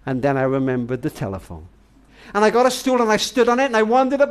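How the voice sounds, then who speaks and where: A man's voice: sits high, quick pace, smooth. An older man telling a heartfelt story in a tender manner, speaking to a grandchild as darling. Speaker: speaker and author.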